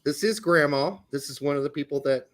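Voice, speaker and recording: A man's voice: on the high side, a little fast. A man co-hosting a podcast in casual chat, with wry, teasing banter. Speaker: podcast co-host.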